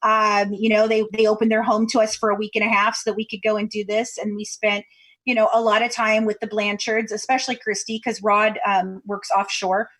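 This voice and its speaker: A woman from Kentucky, a true crime podcast co-host, chatting in an interview over a video call as a lively storyteller. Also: mid-range voice, a little fast. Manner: chatty storyteller, acts out quoted voices. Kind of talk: casual interview chat.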